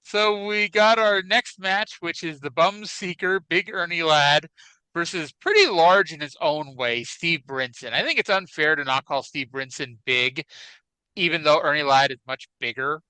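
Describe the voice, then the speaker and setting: A bright, crisp-voiced man co-hosts a podcast. He chats in a wry, profane way, and the recording is close and dry. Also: fairly high pitch, expressive, unhurried, no room sound, low-quality recording. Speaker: podcast co-host. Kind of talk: casual chat about wrestling.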